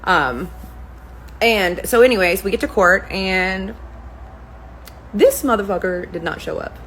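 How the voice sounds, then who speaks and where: Profane, animated woman telling a story. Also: mid-range voice, measured pace, a little hiss or hum, rough recording. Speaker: spa owner, permanent makeup artist. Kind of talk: casual storytelling rant to camera.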